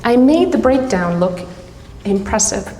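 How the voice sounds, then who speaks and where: A middle-aged woman telling a personal story live on stage, with dramatic pauses between short phrases. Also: fairly high pitch, expressive, warm tone, slight background noise. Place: stage at a live event hall. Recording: roomy hall reverb.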